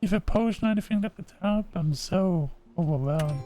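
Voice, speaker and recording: A man's voice: high-pitched, moderate pace, warm tone, faint music behind, voice pushed up, natural voice. A man voicing a stressed, overwhelmed customer in a video game, fretful and pleading.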